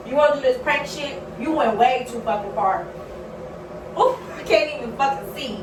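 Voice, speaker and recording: A woman's voice: sits high, moderate pace, reverberant, far from the mic, noisy background. A woman ranting angrily and swearing over and over. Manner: swearing, furious, repeating herself. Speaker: vlogger, prank victim. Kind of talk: angry casual rant.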